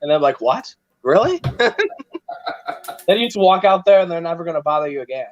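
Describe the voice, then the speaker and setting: A man's voice: on the high side, fairly quick, dull audio. A man hosting a casual chat while building a set, joking and rambling with self-mocking humor.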